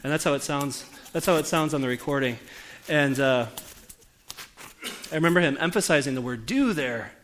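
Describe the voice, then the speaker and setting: A man's voice: on the high side, normal speed, fairly bright tone, slight background noise. A man in his forties, a pastor preaching a conversational sermon and putting questions to the congregation. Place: church.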